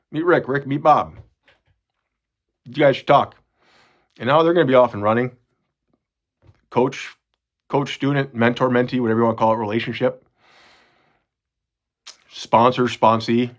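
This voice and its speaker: A middle-aged man, talking to his kids in an earnest, rambling way, often restarting his sentences. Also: medium pitch. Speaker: father recording a message to his kids. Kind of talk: casual spoken reflection.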